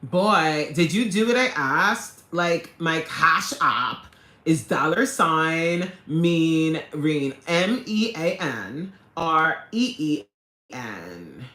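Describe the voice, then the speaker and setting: A woman chats to her live-stream viewers in a put-on valley-girl voice, packing her lines with "like" and "totally." Her tone is bright and her pitch lively, swooping up and down. The recording sits in an echoey room. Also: very slow. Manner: exaggerated valley-girl talk full of "like, totally". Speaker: livestream host.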